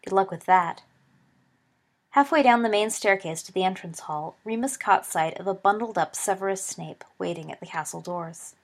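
A woman narrating a story aloud in a steady audiobook reading, giving the characters voices. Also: mid-range voice, moderate pace, hardly any pauses.

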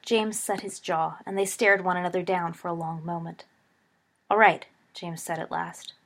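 A woman narrating a story aloud in an expressive storytelling read. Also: on the low side, moderate pace. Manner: expressive, shifts voice for dialogue. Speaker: audiobook narrator.

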